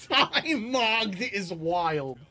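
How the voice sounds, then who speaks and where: Lively young man telling a story. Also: high voice. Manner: acts out both sides of a story, rising to near-shouts in disbelief. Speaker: livestreamer. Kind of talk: animated storytelling chat.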